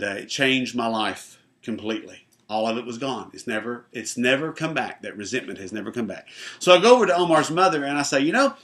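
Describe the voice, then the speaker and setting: Bright-voiced pastor telling a lively story. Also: male voice, medium pitch. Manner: animated, acts out the voices in his story. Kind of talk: storytelling personal testimony.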